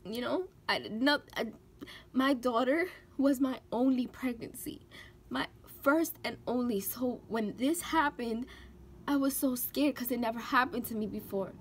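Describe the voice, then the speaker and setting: A young woman with a slightly high, breathy voice speaks at a measured pace in an emotional personal vlog, tearfully recounting a hard experience and breaking down as she fights back crying.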